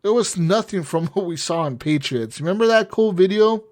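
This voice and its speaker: A young man co-hosting a casual gaming podcast, telling stories in an animated, profane way. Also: high voice, normal speed. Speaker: podcast co-host.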